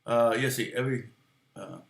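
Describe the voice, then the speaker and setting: A man's voice: medium pitch, moderate pace, creaky. An American man giving a casual guitar lesson, rambling and answering viewers' comments as he goes. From United States. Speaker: guitar teacher. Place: home studio. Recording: echoey room with guitar playing.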